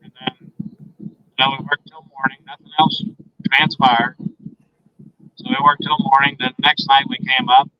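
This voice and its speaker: A man's voice: medium pitch, level tone, normal speed, pauses often, no room sound. A man telling a story as a guest in a phone interview, earnestly retelling each exchange with many "I said" and "he said" remarks. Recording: dull lo-fi phone line.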